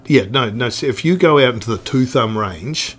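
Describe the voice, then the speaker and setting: Expressive and slightly rough, his mid-range voice is a bit bright and moves at a moderate pace. This middle-aged New Zealand-accented guest, a snowboard industry veteran, rambles through stories on a casual podcast with plenty of fillers and restarts.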